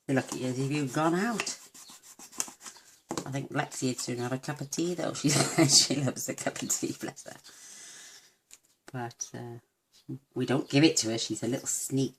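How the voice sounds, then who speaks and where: Lady, really low voice, chatty craft demo at home, hissy recording with clicks and paper shuffling. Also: expressive, normal speed, creaky. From United Kingdom. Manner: homely, chatty, self-deprecating asides. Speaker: papercraft demonstrator.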